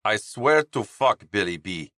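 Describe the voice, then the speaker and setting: A man voicing a blunt, gruff male hockey teammate with a faint Russian accent. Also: lowish voice, expressive, unhurried, sharp tone, no room sound, clean studio sound. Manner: blunt, threatening.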